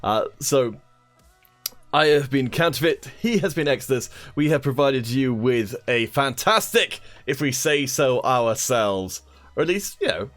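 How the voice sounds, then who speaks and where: A British man co-hosting a casual stream, joking and quick to laugh. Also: medium pitch, lively intonation, a bit bright, faint music behind. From Britain. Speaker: co-host. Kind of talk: casual chat.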